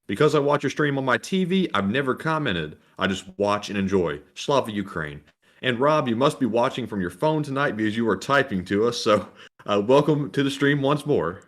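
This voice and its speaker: A man co-hosting a live stream, reading out viewer donations and messages in a steady, matter-of-fact way. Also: mid-range voice, normal speed.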